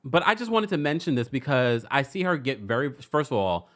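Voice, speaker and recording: A woman hosting a live-stream celebrity gossip recap, hoarse, chatty and laughing often, stopping and restarting her sentences. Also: rumbling low, a little fast. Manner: animated, laughing, self-interrupting.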